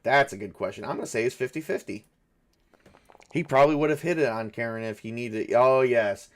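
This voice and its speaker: A man with a medium-pitched voice talks briskly while running a tabletop game by himself. Acting as game master, he rambles as he thinks aloud, corrects himself and chuckles at his own jokes.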